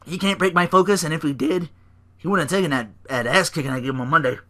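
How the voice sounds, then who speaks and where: A man's voice: fairly high pitch, fast talker, a bit bright, lightly acted. A man voicing a cocky, tough male wrestler trading brash trash talk. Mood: defiant.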